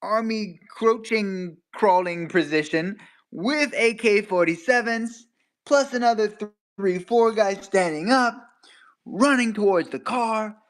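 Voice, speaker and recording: In a relaxed chat, a young man recounts a story with lots of energy, chuckling as he talks and voicing other people's lines with abrupt pitch jumps.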